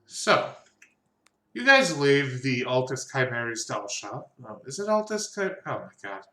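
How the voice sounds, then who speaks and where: A man runs a horror-fantasy tabletop game, narrating with a crisp, bright tone. He chats loosely, laughs easily and trips over the odd name. His voice rings in an echoey room. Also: medium pitch, big pitch swings, unhurried. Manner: chatty, laughs easily, stumbles over names. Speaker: game master.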